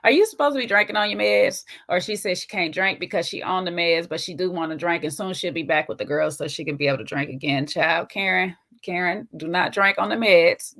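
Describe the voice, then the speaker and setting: A woman with a Southern US twang hosting a casual, slangy recap of a reality TV show, chatty and quick to laugh. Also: fairly low pitch, creaky, fairly bright tone. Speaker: host.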